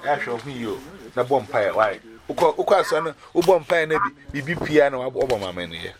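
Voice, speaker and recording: A man with a Ghanaian accent giving a personal testimony over a video call, telling it with lively storytelling and his pitch leaping up and down. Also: brisk.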